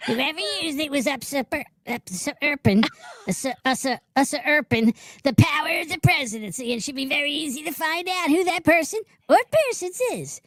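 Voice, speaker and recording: A man putting on a high, squeaky parody of a blustering politician reading a post, stumbling over words. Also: moderate pace, a bit bright, no room sound. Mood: bombastic.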